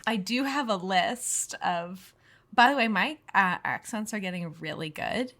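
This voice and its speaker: A woman's voice: mid-range voice, animated, a little slow, fairly bright tone. A woman co-hosting a podcast in casual chat, blunt and playful, swearing freely and giggling. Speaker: podcast co-host.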